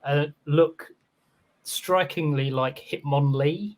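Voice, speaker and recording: A man on a film podcast, chatting casually and hesitantly with many halting fillers. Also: a little high. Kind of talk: casual chat.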